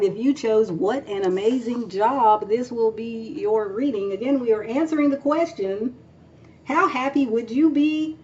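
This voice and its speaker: A woman's voice: fairly high pitch, a little mellow. Rambling woman tarot reader, dull audio. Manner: rambling, thinks aloud with many fillers. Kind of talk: casual pick-a-card reading.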